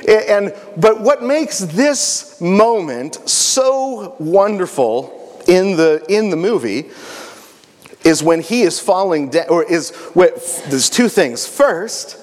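A man with a fairly high voice retells a story with animation and jokes. He is speaking to a young audience. Long reverb from a large hall trails after his words.

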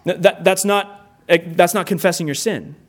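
A man delivers a sermon to a congregation, his voice sitting a little high for a man. He is earnest and emphatic, repeats key phrases for weight, and builds points into lists. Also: moderate pace. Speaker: pastor. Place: church room with a congregation.

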